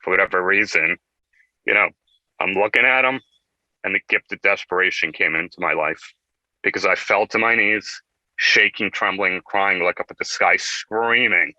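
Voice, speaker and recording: A man's voice: sits low, moderate pace, sharp tone, no echo, muffled recording. A middle-aged man, a talk-show guest, earnestly and vividly telling a personal story.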